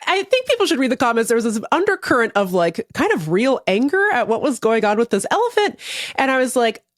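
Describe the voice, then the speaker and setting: A woman co-hosting a podcast, chatting casually in a wry, deadpan way with some swearing. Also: a little high, fast talker, no room sound, clean studio sound. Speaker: podcast co-host.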